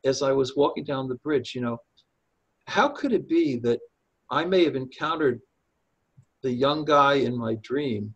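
A man's voice: mid-range voice, a little slow, long pauses, husky, lo-fi sound. A man from New Hampshire, a guest telling a personal story in an earnest, vivid way, acting out what was said. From New Hampshire, United States.

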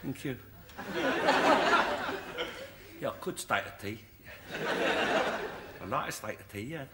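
An actor playing a boastful, bigoted old working-class Londoner with a Cockney accent, ranting loudly in a sitcom monologue. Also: male voice, medium pitch, expressive, normal speed, lightly acted. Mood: drowsy tipsy. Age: older. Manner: loud, bragging, ranting. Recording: sitcom recording with loud background noise and audience laughter.

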